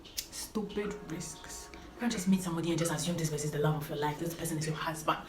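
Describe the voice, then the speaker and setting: This young woman speaks quickly in a low voice with fairly even intonation, vlogging to camera. She gives earnest, emphatic life advice, circling back to her key points. The recording has a roomy echo and some faint background noise.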